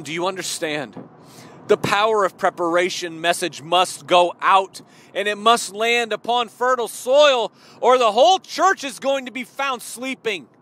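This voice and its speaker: A man's voice: sits high, fairly bright tone. A man preaching a sermon, retelling a parable and addressing his listeners directly with emphatic questions. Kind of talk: sermon storytelling.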